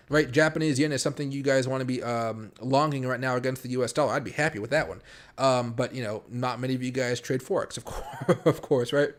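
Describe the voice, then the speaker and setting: Rambling male crypto streamer. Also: medium pitch. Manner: rambling, fast-talking with many fillers and restarts. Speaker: crypto live-stream host. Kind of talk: casual late-night live stream. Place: home room.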